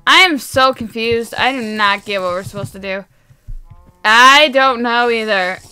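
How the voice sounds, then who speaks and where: Woman, game commentary, high voice, bright tone, chatty, excitable. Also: a little slow, clear, resonant tone, no room sound. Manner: chatty and excitable, bursts into squeals and laughter. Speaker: gaming video host. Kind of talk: excited let's-play commentary.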